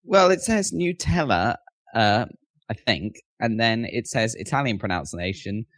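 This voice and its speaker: A man's voice: lowish voice, big pitch swings, normal speed, fairly bright tone, dry recording, studio quality. A man co-hosting a podcast in casual chat, rambling and hedging with lots of "like". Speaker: podcast co-host.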